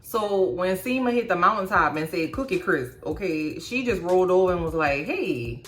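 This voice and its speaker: A woman's voice: fairly low pitch, brisk, a bit bright. A woman hosting a casual show recap, blunt and profane, with mocking asides. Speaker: YouTube recap host. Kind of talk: casual reaction commentary.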